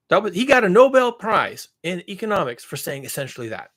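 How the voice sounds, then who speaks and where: A man's voice: high-pitched, big pitch swings, brisk, hardly any pauses, a bit bright. A man delivering a heated, profane monologue, mocking and piling up repetitive lines as he builds. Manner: mocks others in sarcastic voices. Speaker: climate commentary channel host. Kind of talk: angry monologue rant.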